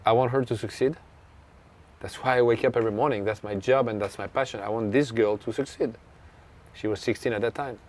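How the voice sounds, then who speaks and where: A man's voice: medium pitch, steady tone, brisk, darkish tone. A man with a French accent, a tennis coach telling a story in an interview, earnest and reflective. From France. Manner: earnest, reflective, acts out remembered dialogue.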